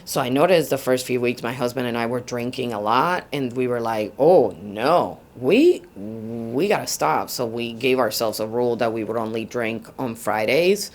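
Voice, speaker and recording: A woman's voice: rumbling low, brisk, hardly any pauses. A middle-aged woman, telling her story in an oral history interview and switching between Spanish and English.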